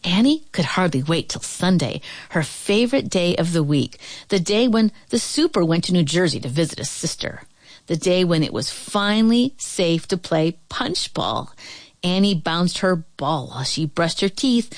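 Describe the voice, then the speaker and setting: A woman's voice: lowish voice, animated, normal speed, no echo. A woman reading a children's storybook aloud in a rhythmic, sing-song way.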